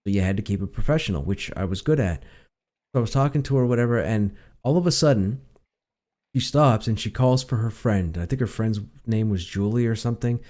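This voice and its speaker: A man streaming and casually telling a long story, rambling with frequent restarts, in a calm voice that others call soothing. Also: medium pitch.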